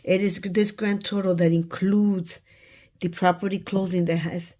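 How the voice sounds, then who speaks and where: Slow-counting woman, lowish voice. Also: little pitch movement, warm tone. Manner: slow, murmured counting, thinking aloud. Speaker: budgeting vlogger. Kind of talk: counting cash aloud.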